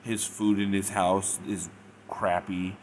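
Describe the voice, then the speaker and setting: Man, low voice, casual rambling review, lots of filler words, faint background hum. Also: flat delivery, takes it slowly. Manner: rambling retelling, full of "like" and "or whatever". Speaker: fanfic reviewer.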